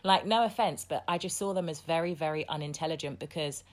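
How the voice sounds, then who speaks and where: Low-voiced blunt woman podcast host. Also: fast talker. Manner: blunt and outspoken, swears freely. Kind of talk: casual conversation.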